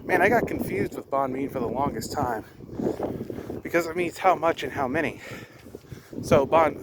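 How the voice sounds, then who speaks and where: A man in his thirties, working through language lessons outdoors in a green rural spot, talking casually with halting, self-correcting phrasing and frequent sighs. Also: medium pitch. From United States. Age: 30s. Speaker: vlogger learning a language. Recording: outdoor recording with clear ambient noise.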